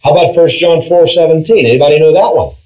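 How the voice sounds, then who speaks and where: A man's voice: fairly high pitch, quick pace, darkish tone, poor audio. A man teaching an interactive Bible class, asking his group questions and stressing key words, with frequent restarts. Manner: questioning, emphatic, with frequent restarts and "all right".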